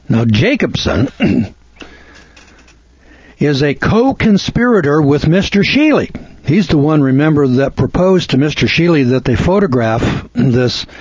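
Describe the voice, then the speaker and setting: A man's voice: mid-range voice, a little mellow, husky, no room sound, muffled recording. A man giving a folksy, lecturing talk on legal procedure to listeners, acting out courtroom exchanges.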